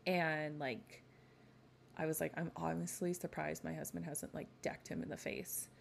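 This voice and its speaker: A woman's voice: low-pitched, flat delivery, normal speed, creaky, a little hiss or hum. A woman hosting a podcast, chatting in a gossipy, sassy way with frequent rants. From not from the American South. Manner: gossipy, sassy, ranting with laughs. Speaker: podcast host. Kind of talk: casual chat.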